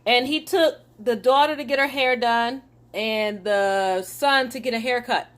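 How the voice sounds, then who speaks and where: A young woman hosting a casual podcast from her home kitchen while cooking, talking straight to her listeners in an animated, indignant way. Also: on the high side, a little slow. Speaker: podcast host.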